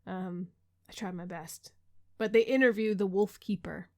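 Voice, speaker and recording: A woman's voice: medium pitch, measured pace, warm tone. A woman co-hosting a podcast, chatting casually about a book with plenty of laughter and joking asides. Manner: chatty and giggly, jokes around. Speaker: podcast co-host.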